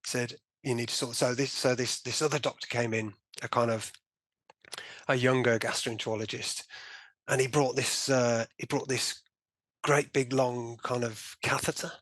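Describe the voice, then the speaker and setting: A man, a guest in an interview, tells a personal story with animated delivery, acting out his own and the doctors' remarks and often saying "you know". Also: mid-range voice, moderate pace, no echo.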